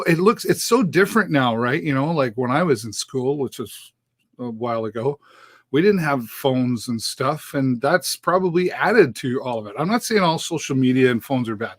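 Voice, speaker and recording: A man's voice: medium pitch, no echo. A middle-aged man from Canada hosting a live show, talking casually and upbeat with many fillers. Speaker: host.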